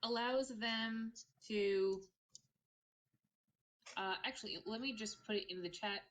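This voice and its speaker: A woman with a fairly high, slightly bright voice speaks at a slow pace while playing a casual tabletop game. She rambles and swears, using many fillers.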